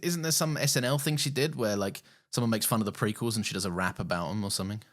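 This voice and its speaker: A man's voice: on the low side, fast. A man co-hosting a podcast, chatting casually and animatedly, swearing freely and laughing often. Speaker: podcast co-host. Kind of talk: casual film chat.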